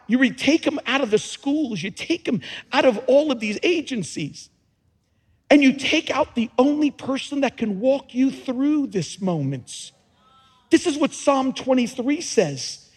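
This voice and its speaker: A man preaching a sermon as pastor, his passionate delivery swinging between hushed, quiet moments and shouted peaks. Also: very high voice, slightly rough, big-room sound.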